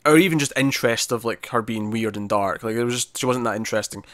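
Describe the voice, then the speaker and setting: Male podcast co-host, casual recapper, mid-pitched, dry close sound, stumbling restarts. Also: quick pace, no echo. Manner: animated recapping, acts out characters' lines; frequent restarts and repeated words. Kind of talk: casual review discussion.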